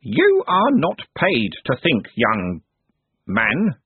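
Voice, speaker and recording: A man's voice: mid-range voice, huge pitch swings, drawn-out words, husky, dry recording, voice pushed up, heavily acted. A man voicing a pompous, bossy old male candle keeper who barks orders. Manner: blustering, barking orders. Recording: tinny phone-like dry sound.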